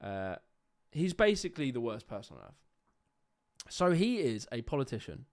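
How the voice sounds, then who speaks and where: A man's voice: medium pitch, sing-song, normal speed. A young man hosting a livestream, ranting casually and sarcastically about clips, swearing freely. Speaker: livestream host reacting to clips.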